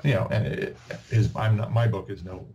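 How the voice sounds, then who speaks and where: This Canadian-born podcast guest has a lowish voice and normal pace, heard on a muffled recording with a little hiss or hum. His long casual stories ramble, restart frequently, and feature lively quoted dialogue.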